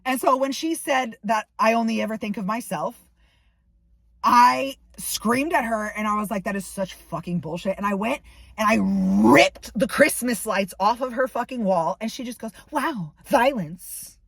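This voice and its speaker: A woman's voice: fairly high pitch, normal speed, a bit bright, no room sound. A woman venting to camera, ranting in heated, profane bursts about a falling-out. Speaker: vlogger. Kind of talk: angry personal venting to camera.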